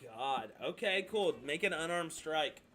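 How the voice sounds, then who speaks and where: A man's voice: on the high side, expressive, measured pace, bright, forceful tone, a little hiss or hum. A man narrating as dungeon master, loose and hesitant, with many fillers. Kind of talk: narrating a tabletop game.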